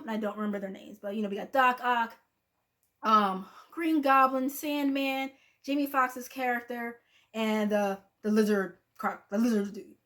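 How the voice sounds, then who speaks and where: A woman chatting casually through a film review. She acts out the characters' lines and sometimes drops into soft, near-whispered asides. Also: fairly high pitch.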